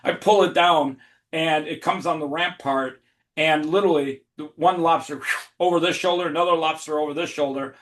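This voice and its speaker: A man telling a story in a relaxed podcast chat. His voice sits a touch high for a man, and he tells the tale with loose, profane energy and bursts of laughter. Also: moderate pace. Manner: animated, swearing, laughing storyteller. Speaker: podcast guest. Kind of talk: casual storytelling.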